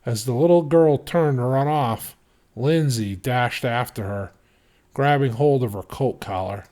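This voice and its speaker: Man, audiobook narrator, steady, measured, mid pitch. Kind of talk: audiobook reading.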